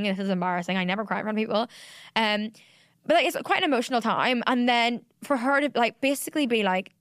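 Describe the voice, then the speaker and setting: A woman's voice: medium pitch, dry recording, clean studio sound. A young woman, hosting a solo podcast, talking candidly and rambling with many fillers and restarts. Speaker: podcast host. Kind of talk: solo confessional podcast monologue.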